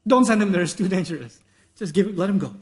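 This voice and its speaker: A man teaching a religious lecture. He is animated, asks rhetorical questions and acts out bits of dialogue. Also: high voice, fast talker. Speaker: Islamic teacher. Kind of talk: lecture sermon.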